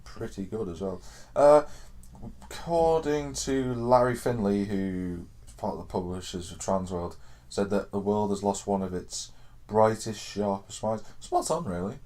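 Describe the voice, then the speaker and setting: A man's voice: lowish voice, unhurried, warm tone. A young man from the UK hosting a podcast in casual, jokey banter. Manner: jokey, laughing, swearing banter. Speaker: podcast host. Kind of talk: casual chat.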